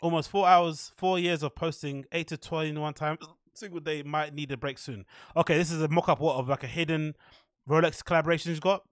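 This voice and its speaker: A man's voice: fairly high pitch, fairly even intonation, fairly quick, no echo, clean studio sound. A man hosting a solo podcast, reading posts aloud and mocking them sarcastically while fighting hiccups. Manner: sarcastic, mocking, laughing at what he reads. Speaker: podcast host.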